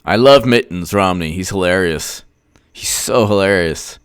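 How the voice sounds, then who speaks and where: A man's voice: sits low, unhurried, smooth, no room sound, clean studio sound. A man hosting casual livestream commentary, sarcastic and mocking, who laughs often and answers viewers' chat. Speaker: political commentator, host.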